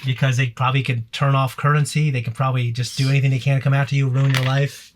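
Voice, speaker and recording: A man's voice: mid-range voice, little pitch movement, fast talker, slight background noise. A man hosting a casual post-episode reaction discussion, rambling with frequent restarts and casual swearing. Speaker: reaction channel host.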